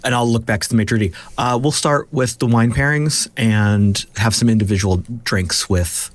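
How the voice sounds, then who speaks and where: A man's voice: medium pitch, moderate pace. A man playing a tabletop game, casual and hesitant, swearing lightly. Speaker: player. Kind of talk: tabletop role-play.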